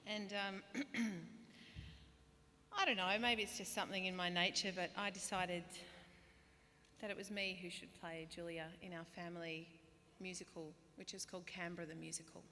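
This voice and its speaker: An Australian woman in her thirties giving a humorous, self-deprecating graduation speech, now and then bursting into loud put-on voices. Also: fairly low pitch, steady tone, normal speed, a little hiss or hum. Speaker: guest speaker. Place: large hall. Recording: reverberant hall, faint ambience.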